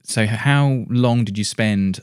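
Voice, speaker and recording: A man's voice: lowish voice, unhurried, darkish tone, smooth, no room sound, clean studio sound. A man interviewing, asking thoughtful questions and often restarting his sentences. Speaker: guest interviewer.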